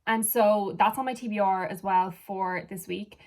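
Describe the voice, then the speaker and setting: A woman's voice: medium pitch, fairly even intonation, normal speed, darkish tone. A young woman from Ireland, a book vlogger chatting casually and rambling off on tangents while sitting far back from the camera at home. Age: young adult. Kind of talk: casual chat.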